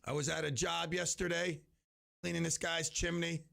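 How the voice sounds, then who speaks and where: Gravelly high-voiced male radio host. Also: flat delivery, moderate pace, fairly bright tone. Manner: jokey, chatty storyteller. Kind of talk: casual radio show chat.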